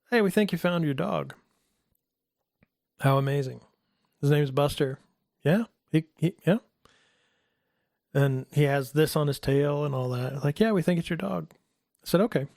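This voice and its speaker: Man telling a lively personal story. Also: no echo, clean studio sound. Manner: animated, acts out quoted voices in a higher pitch. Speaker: guest telling his testimony. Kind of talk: casual storytelling.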